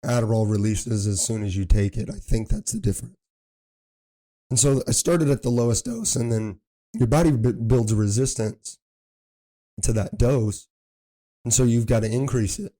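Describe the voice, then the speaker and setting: A man in his thirties hosting a podcast in casual chat, hoarse, talking in long runs and pressing his point. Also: mid-range voice, normal speed, long pauses, mellow. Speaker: podcast host.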